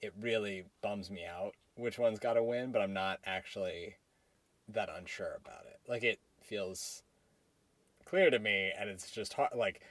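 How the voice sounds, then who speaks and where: A man co-hosting a podcast in casual chat, relaxed and rambling with many fillers. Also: on the low side, a little slow, dry recording. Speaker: podcast co-host.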